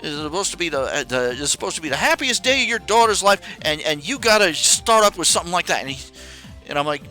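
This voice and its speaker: A man's voice: fairly high pitch, very animated, fast talker, bright, forceful tone, faint music behind, poor audio. A man hosting a casual talk stream, ranting with many restarts and jumping into raised, mocking voices when he quotes his parents. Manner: rambling with restarts. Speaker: podcast host. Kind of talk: casual rant.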